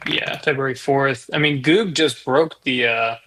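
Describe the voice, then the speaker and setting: A man's voice: medium pitch, unhurried, fairly bright tone, a little hiss or hum. A man co-hosting a live trading stream who calls out incoming trades in casual chat. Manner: calls out trades as they come in.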